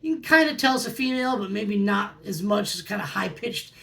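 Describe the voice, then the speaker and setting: Vlog host, forties, gravelly voice of middling pitch, keen and chatty. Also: expressive, fairly quick, fairly bright tone. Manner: enthusiastic, repeats praise words. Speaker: metal record collector host. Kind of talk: casual album review vlog.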